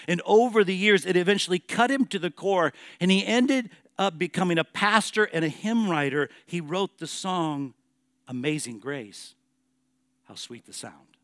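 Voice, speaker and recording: A man preaching a sermon as a pastor, emphatic, moving between hushed and loud passages. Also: on the high side, no echo, studio quality.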